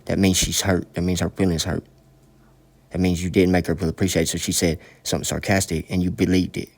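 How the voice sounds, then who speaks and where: A man's voice: low voice, level tone, fairly quick, vocal fry. A man delivering a rambling, preachy spoken monologue, full of profanity.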